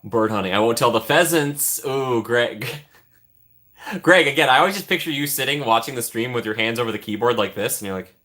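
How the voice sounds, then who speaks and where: A man's voice: mid-range voice, animated, a little fast, pushed and bright. A man hosting a casual live stream, joking around and thanking his chat. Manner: jokey, thanks chat often, trails off into asides.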